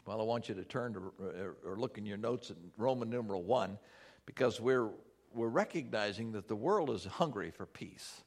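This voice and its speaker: The man delivers his sermon as pastor in an earnest way; when he prays his voice goes quiet and low, and he slows for emphasis.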